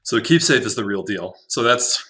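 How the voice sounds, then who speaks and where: A man giving casual commentary on his own card game, thinking out loud, laughing often and swearing now and then. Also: on the low side, expressive, moderate pace. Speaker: Magic Arena drafter, channel host.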